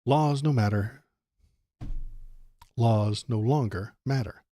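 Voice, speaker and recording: A man's voice: mid-range voice, takes it slowly, mellow, no echo, studio quality. A man hosting a political livestream, ranting sarcastically and tripping over his words. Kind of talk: casual political commentary.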